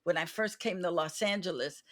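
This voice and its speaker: A woman's voice: on the low side, moderate pace, a bit bright. A woman hosting a podcast interview, an actress giving advice drawn from her own experience.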